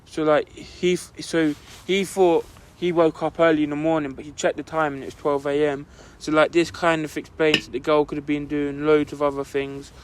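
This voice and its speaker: Young guy telling a story on a podcast, fairly high voice, says like a lot. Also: flat delivery, moderate pace, hardly any pauses, a little hiss or hum. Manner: rambling, full of "like" fillers. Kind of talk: casual storytelling chat.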